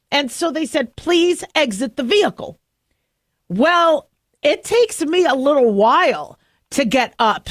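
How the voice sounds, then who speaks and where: A middle-aged woman hosting a radio talk show, telling a story in a chatty, self-mocking way and laughing often. Her voice sits high, and the studio sound is close and dry. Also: no room sound. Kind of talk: casual monologue.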